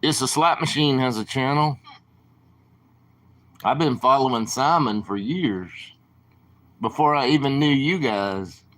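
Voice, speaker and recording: A man's voice: medium pitch, unhurried, long pauses, a bit bright. A man with a southern drawl, rambling casually to viewers on his late-night livestream. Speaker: livestream host.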